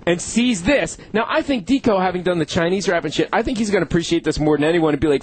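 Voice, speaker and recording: A man co-hosting a radio show, telling a crude story loudly and profanely while laughing through it. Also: high voice, fast talker, background noise. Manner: loud, laughing, profane, animated.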